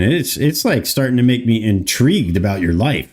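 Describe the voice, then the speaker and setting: An American man in his thirties streams a game and chats loosely with viewers, rambling, answering chat, and swearing casually. His medium-pitched voice is very animated and a little mellow, slightly rough, at a moderate pace.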